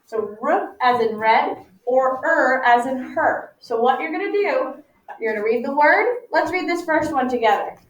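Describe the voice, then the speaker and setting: A woman teacher leading a phonics lesson for young children, patient and encouraging, stretching out sounds slowly for them to follow. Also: sits high, animated. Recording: echoey, distant, muffled classroom audio.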